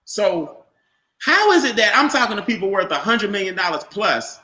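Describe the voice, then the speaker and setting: A man giving an animated, repetitive motivational sales talk about a home business, calling on listeners by name. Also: high-pitched, moderate pace, roomy sound. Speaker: business opportunity presenter.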